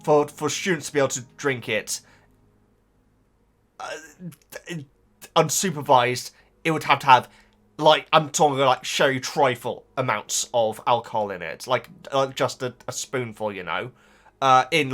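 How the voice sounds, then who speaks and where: A man's voice: medium pitch, fairly bright tone. A man chatting casually as a YouTuber, reading viewer comments with rambling, stammered restarts. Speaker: YouTuber reacting to book comments.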